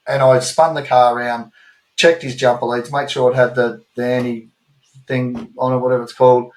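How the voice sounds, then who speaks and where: A man's voice: medium pitch, flat delivery, moderate pace, low-quality recording. A man with an Australian accent co-hosting a podcast, telling a story in casual chat, swearing freely and rambling through asides. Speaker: podcast co-host.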